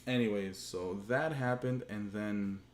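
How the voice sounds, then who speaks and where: A man's voice: lowish voice, a little slow, a little hiss or hum. Frustrated man ranting, echoey room. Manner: frustrated, profane, rambling, acts out quoted dialogue. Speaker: gaming channel host. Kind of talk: casual storytelling rant. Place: home room, livestream.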